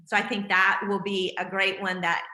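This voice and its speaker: A woman's voice: medium pitch, flat delivery, normal speed, pushed and bright, reverberant. A woman hosting a casual team video call, chatty and encouraging with lots of fillers.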